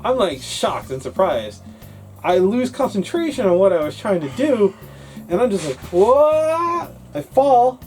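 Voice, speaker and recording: A man co-hosting a casual English-learning talk show, telling a story in an animated way and acting out his younger self. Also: high-pitched, normal speed, faint music behind.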